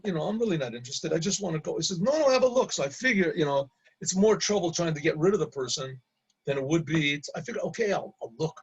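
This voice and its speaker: A middle-aged man, a rabbi, casually telling an anecdote, halting and repeating words and laughing at his own story. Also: on the high side, breathy edge, muffled recording.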